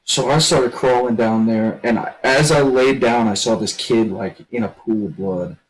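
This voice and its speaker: Male storyteller, mid-pitched, rambling casual delivery, light background hiss. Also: moderate pace, rough recording. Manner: rambling, restarts a lot, shouts when quoting others. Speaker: gaming streamer telling a story.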